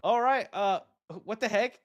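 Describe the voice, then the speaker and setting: A man's voice: sits high, measured pace, heavy background noise. A young man hosting a live stream in casual chat, joking and answering chat questions. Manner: animated and joking, reads chat aloud. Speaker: host.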